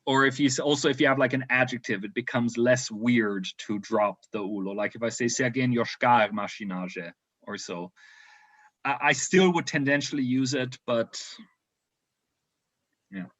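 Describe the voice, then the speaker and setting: A man's voice: mid-range voice, moderate pace, fairly bright tone. Give me a man explaining grammar in an online lesson, filler-heavy, recorded with dull lo-fi sound. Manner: explains with many fillers and restarts. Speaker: language teacher.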